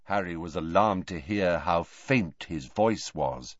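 A man's voice: low-pitched, expressive, slow, no echo, dull audio. A man reading a fantasy novel aloud as an audiobook narrator, with dramatic, swelling delivery. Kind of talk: scripted narration.

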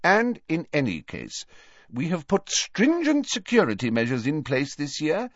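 A man voicing a strict older woman professor in a storybook reading, clipped and brisk, on a dull, dry recording. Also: fairly high pitch, huge pitch swings, no echo, voice pushed up, heavily acted. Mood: stern.

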